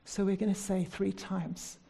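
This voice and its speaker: British woman preaching, warm husky voice, asks the church lots of earnest questions. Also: medium pitch, level tone, a little slow. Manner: earnest, searching questions to the congregation; soft and prayerful when leading prayer. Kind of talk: sermon.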